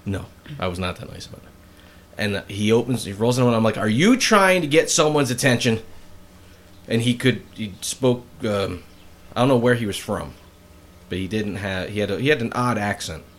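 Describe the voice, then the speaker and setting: A middle-aged man in casual group conversation, telling stories with lively acted-out quotes. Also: lowish voice, fairly quick. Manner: animated storyteller, acts out shouting quotes. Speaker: storyteller in group chat. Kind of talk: casual chat.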